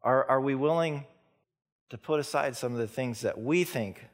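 A man preaching a sermon in an earnest way, repeating words and slowing into soft, quiet stretches. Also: medium pitch. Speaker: pastor.

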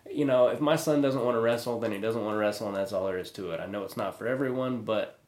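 A man's voice: lowish voice, quick pace, a little mellow. Earnest man chatting in an echoey room. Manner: earnest, conversational, asks questions. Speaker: podcast host. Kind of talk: casual chat.

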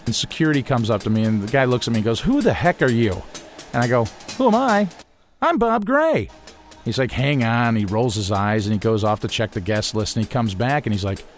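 A man telling a personal story in a casual, animated way, mimicking the voices of people he quotes and chuckling now and then. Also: on the low side, a little fast, few pauses, faint music behind.

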